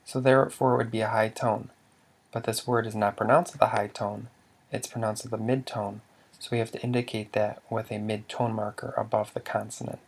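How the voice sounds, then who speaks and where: A man's voice: on the low side, flat delivery, a little fast. A man teaching a language lesson, patiently quizzing the listener and sounding out example words. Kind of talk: slow instructional explanation.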